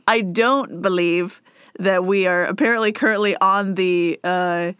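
A woman's voice: on the low side, fairly even intonation, unhurried, a bit bright, smooth, dry recording, studio quality. A woman co-hosting a comedy podcast in casual chat, laughing often and reading listener emails aloud. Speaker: podcast co-host.

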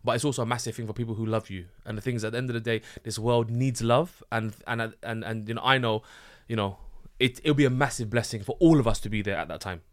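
Fast-talking, fervent male podcast guest. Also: mid-range voice. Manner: animated and fervent, many restarts, rising sharply when excited. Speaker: guest, luxury goods business founder. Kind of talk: casual podcast conversation.

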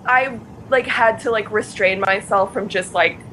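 A woman's voice: medium pitch, a little slow, fairly bright tone, slight background noise, poor audio. A young woman in casual chat, bubbly, giggly and emphatic as she tells a fan story.

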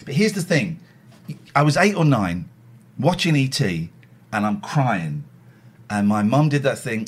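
A man in his forties chatting casually on a podcast, jokey and quick to slip into silly voices. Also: medium pitch, big pitch swings, slightly rough. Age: 40s. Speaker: podcast host. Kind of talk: casual chat.

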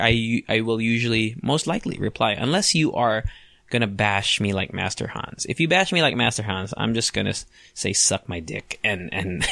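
His voice is on the low side with vocal fry, bright and forceful, in a dry, clean studio recording. He's a man in his late twenties hosting a solo podcast, casual and profane, full of self-mocking humor and frequent laughter.

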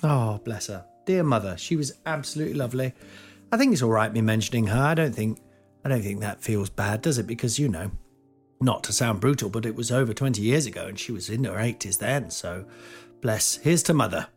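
Giggly, rambling comedian. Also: male voice, fairly quick, soft background music. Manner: self-mocking, giggly, lively swings in pitch. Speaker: podcast host, comedian. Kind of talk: rambling comic monologue.

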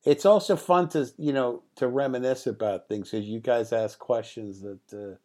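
Middle-aged male director guest, animated raconteur, mid pitch. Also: normal speed. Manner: lively raconteur, acts out quotes, laughs often. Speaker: film writer-director guest. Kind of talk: anecdotal interview storytelling.

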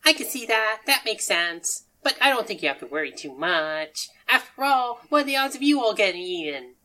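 A cheerful, oddball young sushi maker, put on by a woman in a tabletop game. His voice sits high and bright, and he chatters in a breezy, slightly deadpan way about dark things. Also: moderate pace. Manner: chirpy, rambling, a bit deadpan about grim things.

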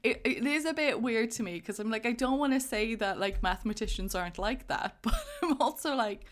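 A woman's voice: on the high side, fairly quick. A woman co-hosting a casual podcast, talking about a film in a chatty way and laughing often. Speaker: podcast co-host.

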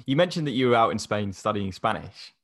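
A man's voice: fairly low pitch, lively intonation, brisk. A man hosting a casual interview, asking easygoing questions and prompting his guest with short replies.

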